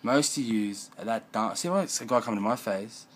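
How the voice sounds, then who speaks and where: Aussie bloke mumbling and cursing thru a rambling vlog, lowish voice, bit of background hiss. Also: male voice, fairly quick, rough recording.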